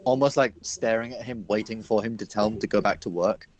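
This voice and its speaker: A man narrating as game master of a tabletop game, chatty and quick to laugh. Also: lowish voice, muffled recording. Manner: chatty, laughing, lots of fillers.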